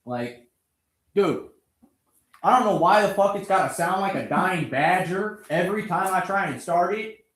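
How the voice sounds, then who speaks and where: At normal speed and with a fairly bright, high-pitched voice, a man vents in an echoey room. He's a vlogger fixing a motorbike, ranting to the camera with constant swearing and sarcasm, angry that the engine won't start and slightly out of breath.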